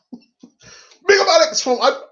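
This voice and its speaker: Man, casual live-stream host, laughs a lot, lively pitch, lo-fi sound. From North London. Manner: chatty, laughs often, does quick voices. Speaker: fan channel host.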